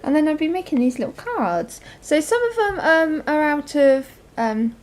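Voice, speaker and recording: A woman's voice: high-pitched, sing-song, normal speed. Chatty woman showing her crafts. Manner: chatty, rambling, many ums. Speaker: crafting vlogger. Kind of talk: casual show-and-tell chat.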